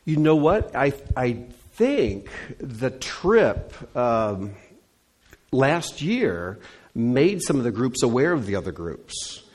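A man leads a congregation gathering, relaxed and chatty. His voice sits at an ordinary middle pitch, and he drifts easily from one story to the next as he answers the room. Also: slow. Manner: folksy storyteller. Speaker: congregation leader. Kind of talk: conversational report and Q&A.

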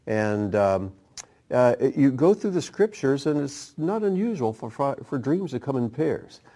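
A man preaching a sermon, teaching at an unhurried pace and reading scripture aloud between his explanations. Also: mid-range voice, very animated, warm tone. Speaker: pastor.

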